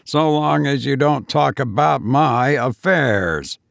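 A man's voice: slow, gravelly, fairly bright tone, no echo, clean studio sound. A man voicing a stern, short-tempered man who speaks bluntly and with restraint. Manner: blunt, curt, low and restrained.

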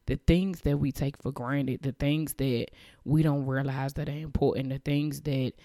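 A woman's voice: very deep voice, dark tone, dry recording. Woman, podcast host, heartfelt faith talk, emotional, close dry mic. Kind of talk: faith-based encouraging monologue.

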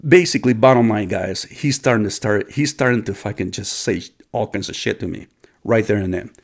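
Gravelly-voiced man rambling through a story. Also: on the low side, a little fast. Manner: rambling with many restarts and swearing. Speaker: vlogger telling a personal story. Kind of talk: casual storytelling.

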